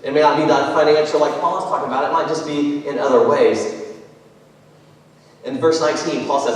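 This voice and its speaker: A man's voice: on the high side, a little fast, pauses often. Male pastor who preaches with chatty storytelling, recorded from afar in a reverberant sanctuary. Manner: conversational, animated storytelling. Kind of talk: sermon. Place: large church sanctuary. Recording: echoey church hall, mic far off.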